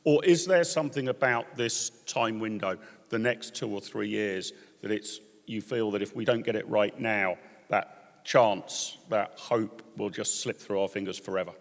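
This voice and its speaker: Low-voiced male conference host. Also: steady tone, moderate pace. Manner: long, rambling, searching questions. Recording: reverberant conference hall.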